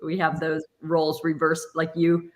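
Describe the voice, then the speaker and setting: A middle-aged woman chatting as a guest author, an animated storyteller who laughs often. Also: sits low, moderate pace. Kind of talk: casual chat.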